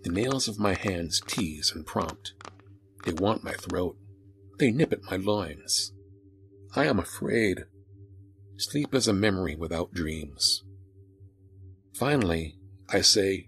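A man narrating a first-person horror story in a grim, deliberate manner. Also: lowish voice, lively intonation, fairly bright tone, breathy edge.

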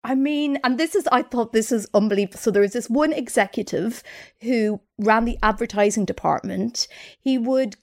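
A woman's voice: a little high, normal speed. A woman co-hosting a comedy podcast who tells a story at length and acts out the quotes in it. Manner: animated narration with acted-out quotes. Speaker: co-host.

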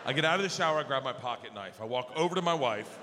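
A man doing stand-up storytelling on stage, animated and slipping into voices for the people he quotes. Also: medium pitch, fast talker, background noise. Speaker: stand-up comedian. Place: large theater stage before a live audience. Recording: live concert hall with long reverb.

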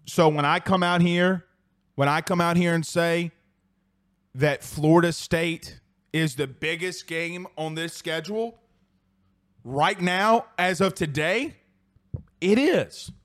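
A man's voice: fairly high pitch, slow, long pauses, fairly bright tone. A man from South Louisiana with an accent from there, hosting a sports talk show and ranting in a heated, profane way while reading live comments.

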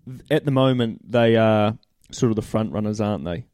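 A man's voice: fairly low pitch, normal speed, a little mellow, clean tone, no room sound, studio quality. A man co-hosting a casual sports chat, laid-back and blunt in his banter. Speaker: podcast co-host.

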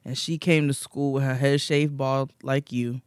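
A young man, a podcast co-host, telling rambling, animated stories in casual chat and laughing often. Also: mid-range voice, measured pace, clean tone, no echo.

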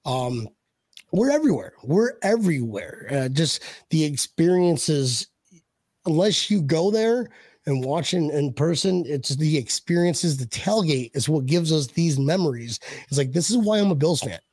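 Excitable, higher-voiced male podcast host. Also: measured pace, no room sound. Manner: excitable, laughs often, stumbles over words. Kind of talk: casual chat.

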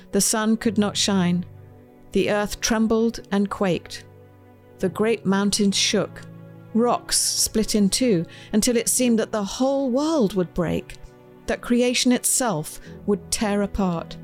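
With a mid-range voice, the author gives a gentle, expressive reading of her own children's storybook while faint music plays in the background.

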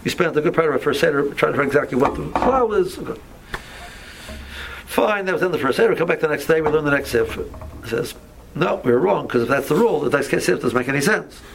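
A man's voice: fairly high pitch, animated, fast, creaky, background noise. A man teaching an informal Torah class, talking conversationally with many restarts and asides.

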